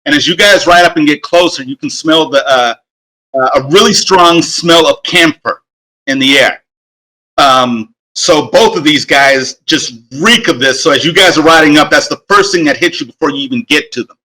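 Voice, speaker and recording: A man's voice: a little high, moderate pace, bright, forceful tone. A man narrating as game master in a tabletop game, talking with many fillers and restarts.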